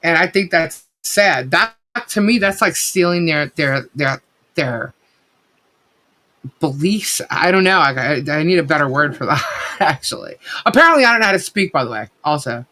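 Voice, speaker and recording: A woman's voice: low-pitched, expressive, moderate pace, pushed and bright. Woman, livestream co-host, blunt, rambling, swears a lot, casual commentary.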